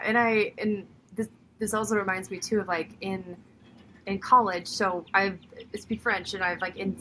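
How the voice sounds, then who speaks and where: A woman's voice: mid-range voice, fairly bright tone, a little hiss or hum, low-quality recording. A young woman with a Minnesota accent, a guest on a podcast, talking in a thoughtful, chatty way. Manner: thoughtful, chatty, laughs often. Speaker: podcast guest, commentator and voice actor. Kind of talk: casual chat.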